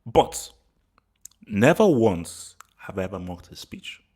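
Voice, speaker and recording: A man's voice: fairly low pitch, sing-song, slow, a little mellow, slightly rough. A man from England hosting a football channel, giving his opinion in a rambling, casual vlog with frequent laughs and repeated words.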